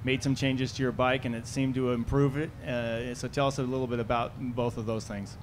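Male moderator, mid-pitched, casual questions, faint background noise. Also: level tone, fairly quick. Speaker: press conference moderator. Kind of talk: asking questions at a press conference.

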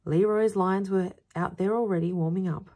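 A woman, who teaches at a school, reading a children's picture book aloud in a lively storytelling voice. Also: mid-range voice, normal speed. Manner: expressive, sing-song storytelling.

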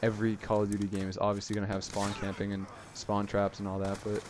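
A man giving casual, rambling gameplay commentary, excitably retelling his moments in the match. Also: lowish voice, fast talker. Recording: noisy game audio underneath. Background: game sound effects.

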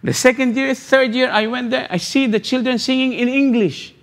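A man pastor preaching a sermon, repeating phrases and asking rhetorical questions with halting restarts. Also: very high-pitched, fairly even intonation. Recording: long hall reverb.

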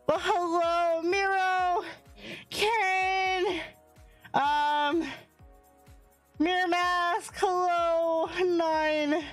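A young woman streamer, out of breath, greeting her chat with effusive, bubbly energy. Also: very high voice. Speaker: variety streamer.

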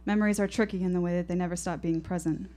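A woman's voice: fairly low pitch, steady tone, racing, dark tone. A woman in her twenties telling a first-person story on stage, vivid and reflective. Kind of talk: live storytelling performance. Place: stage at a live show.

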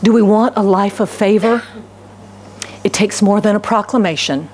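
In a church sanctuary, a woman pastor preaches with a medium-pitched voice at a moderate pace, alternating between loud, fervent declarations and hushed, almost whispered pleas. She keeps posing rhetorical questions to the congregation, and slight background noise can be heard.

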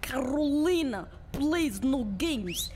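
A woman's voice: high-pitched, animated, slow pace, a little mellow, a little hiss or hum. A woman streamer voicing a brash, flirtatious, domineering woman character in game role-play, speaking of herself by name. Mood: bossy.

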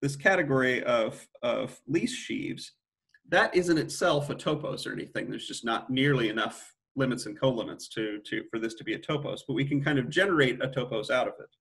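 A man's voice: mid-range voice, lively intonation, a little fast, gravelly, a bit bright. A middle-aged man giving an academic mathematics lecture, thinking aloud with frequent restarts and self-corrections.

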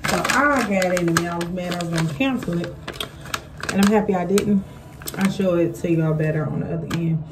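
A woman, chatting casually to camera in a vlog, a bit out of breath, with lots of fillers and animated quoted voices. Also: fairly low pitch, fairly quick, recorded from a distance, background noise. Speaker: vlogger. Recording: voice a little off-mic, faint music.

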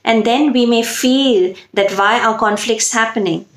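A woman's voice: on the high side, a little slow. Earnest woman explaining, echoey room. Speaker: channel host and self-help speaker. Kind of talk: explaining to camera.

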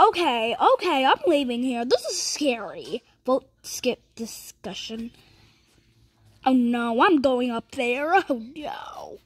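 High, lively-voiced woman gaming. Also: slow. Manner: excitable, squeals and laughs, reads game text aloud. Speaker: gamer commentating her play. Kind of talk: casual gameplay commentary.

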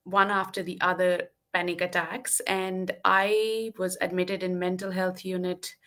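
A woman's voice: fairly low pitch, level tone, unhurried, fairly bright tone. Woman in her thirties, candid personal story, video call sound. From lives in Western Australia. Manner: earnest and candid, many fillers. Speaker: guest. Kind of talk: personal story in a live online talk.

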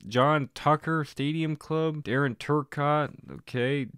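A man's voice: on the high side, fairly even intonation, takes it slowly, a bit bright, clear, resonant tone, dry recording, studio quality. A young man from Canada hosting a card-opening video, with casual, sarcastic and exasperated commentary.

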